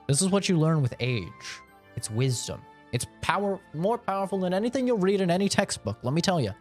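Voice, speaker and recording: A young man streaming a game, giving mock-serious life advice in a joking, preachy way. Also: on the high side. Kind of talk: casual gameplay commentary.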